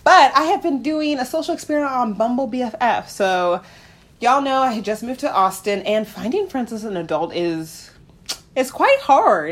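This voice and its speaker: A woman co-hosting a podcast in casual chat, telling stories animatedly and acting out quotes in a high voice. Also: expressive, normal speed. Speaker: podcast co-host.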